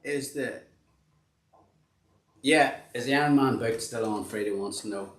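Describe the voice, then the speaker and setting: A man's voice: mid-range voice, a little slow, a bit bright. A man hosting a casual online chat in a middle register. He rambles and pokes fun at himself, restarting his sentences as he goes. The room is echoey, with a faint hum of noise behind him. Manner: rambling, self-deprecating, with many restarts. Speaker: host and band member. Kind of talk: casual live-stream chat.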